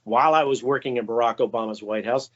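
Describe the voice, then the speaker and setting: A man's voice: quick pace, a bit bright, lo-fi sound. A man guest telling insider stories in an interview, with casual fillers and quoted asides. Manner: anecdotal, acts out quoted voices with raised pitch. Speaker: guest, former White House stenographer. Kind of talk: storytelling interview answers.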